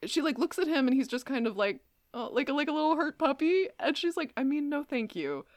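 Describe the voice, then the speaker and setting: A woman's voice: high voice, lively intonation, brisk, no echo, studio quality. A young woman co-hosting a podcast, chatting casually and giggling, with plenty of fillers. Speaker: podcast co-host. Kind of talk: casual recap chat.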